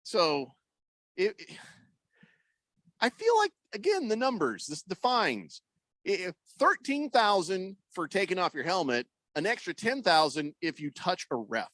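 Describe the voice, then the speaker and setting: A man's voice: sits high, sing-song, a little slow, a bit bright, no room sound. A man hosting a sports radio show, rambling and joking, acting out quotes in mock voices. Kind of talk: casual sports talk.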